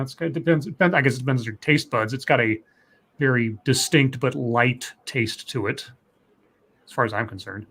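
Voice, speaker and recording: Here a man with a mid-range, somewhat bright voice helps host a live stream. The talk is loose and casual: he reads viewers' messages out loud and wanders through chat with lots of false starts.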